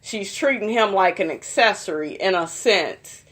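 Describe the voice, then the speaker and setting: Recapping a reality TV episode in a casual vlog, a young woman gossips, swears, and calls her viewers "y'all." Her medium-pitched voice is expressive, a bit bright, and unhurried.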